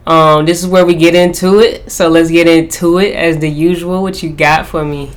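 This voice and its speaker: Low-voiced woman, chatty co-host. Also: little pitch movement, normal speed. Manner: chatty, agreeable, chimes in. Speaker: podcast co-host. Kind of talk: casual chat.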